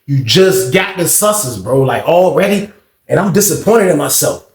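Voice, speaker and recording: A young man casually telling a story in slang, animated and acting out the voices of others. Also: a little high, moderate pace, echoey room.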